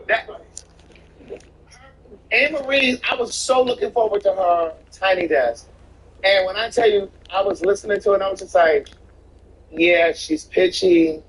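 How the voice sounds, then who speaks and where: High-voiced opinionated man chatting. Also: moderate pace, a bit bright, slight background noise, poor audio. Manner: opinionated, emphatic, repeats himself. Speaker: streamer co-host. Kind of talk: casual chat while gaming.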